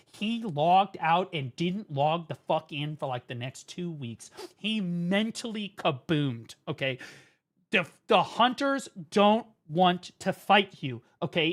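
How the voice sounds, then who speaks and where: A man streaming, ranting and mocking in a profane comedic style at a desk microphone. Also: fairly high pitch. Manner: profane, mocking, lively rant.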